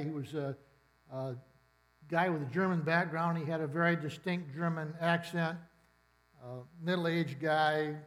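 A man's voice: sits high, rough recording. A middle-aged man preaching a sermon in a church, conversational and storytelling with dry humor. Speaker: pastor. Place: church sanctuary.

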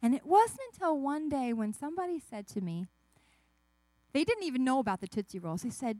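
A woman giving a children's sermon, telling a story with lively asides and questions to the kids. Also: high voice, brisk, no echo. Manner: animated, asks the kids questions, acts out voices. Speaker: children's message speaker.

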